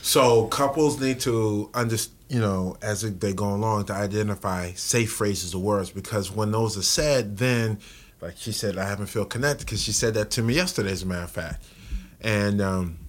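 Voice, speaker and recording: A man co-hosting a couples podcast, talking in a measured, reflective way with frequent restarts. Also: on the low side. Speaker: co-host. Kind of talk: casual podcast chat.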